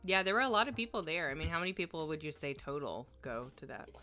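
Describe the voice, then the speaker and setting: A woman's voice: low-pitched, lively intonation, quick pace, bright, forceful tone, soft background music. A woman hosting a stream, chatting in a friendly, curious way and laughing often. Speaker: stream host. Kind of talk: casual chat.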